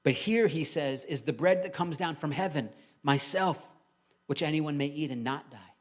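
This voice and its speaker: A man's voice: on the high side, moderate pace. A man, a pastor, preaching a sermon in a church, talking conversationally and asking the congregation rhetorical questions.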